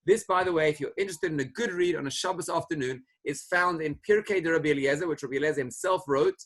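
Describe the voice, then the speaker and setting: A middle-aged man, a rabbi, teaching a Torah class, explaining sources and retelling stories, raising his voice when he acts out quoted speakers. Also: a little high. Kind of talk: Torah lecture with storytelling.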